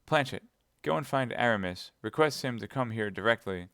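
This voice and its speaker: A gallant young swordsman, voiced by a male reader, earnest and reassuring. The sound is smooth and dry, close to the microphone. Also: mid-range voice, lively intonation, normal speed, fairly bright tone, no room sound. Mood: eager.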